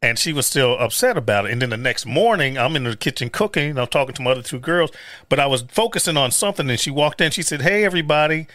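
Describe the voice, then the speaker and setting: A man hosts a relaxed interview and wanders through his thoughts with fillers as he talks about family. His voice sits at a mid pitch and sounds dry and close. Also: fast, dry recording. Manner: easygoing, thinks aloud with fillers. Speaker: podcast host. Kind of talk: casual interview.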